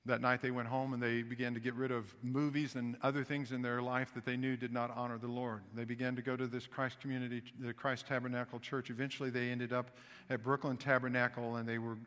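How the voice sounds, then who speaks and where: A man from the American South with a Southern accent, preaching a sermon as pastor and telling a story with animated restarts. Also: medium pitch, fairly quick, long reverb tail. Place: church sanctuary.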